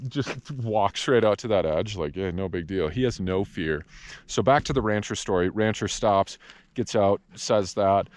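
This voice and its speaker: A man from Wisconsin vlogging outdoors in the desert, out of breath and telling a story in a rambling, low-key way. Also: a little slow. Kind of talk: casual vlog narration.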